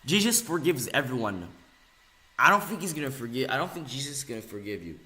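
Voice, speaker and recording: A young man rants on camera with a bright, cutting voice that leaps up and down in pitch. He mocks and insults, dropping to mutters and then bursting into yells. The room around him is echoey. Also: sing-song, fast talker. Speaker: video ranter. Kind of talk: angry rant video.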